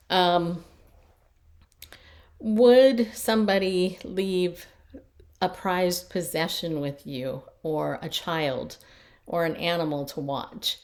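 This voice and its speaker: A woman's voice: lowish voice, steady tone, slow, pauses often. A middle-aged woman life coach telling personal stories in a chatty, casual way, often repeating herself as she restarts. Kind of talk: casual storytelling talk.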